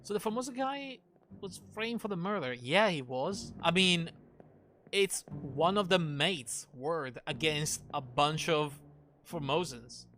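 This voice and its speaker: A man's voice: a little high, animated, slow pace, pushed and bright, slight background noise. A man streaming a game, thinking aloud through clues with wry, self-mocking jokes. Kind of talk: casual live gameplay commentary.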